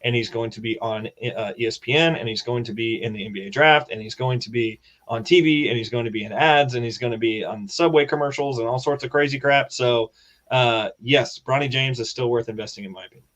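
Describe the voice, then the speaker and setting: A man co-hosting a casual podcast who gives blunt, confident opinions in a relaxed way. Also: mid-range voice, a little fast. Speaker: co-host.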